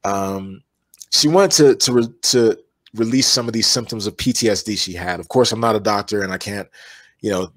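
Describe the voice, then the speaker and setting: A man's voice: fairly low pitch, normal speed, fairly bright tone, no room sound. Rambling man telling stories, dry sound. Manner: rambling storyteller with many fillers and restarts. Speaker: energy healer, interview guest. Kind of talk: relaxed conversational interview.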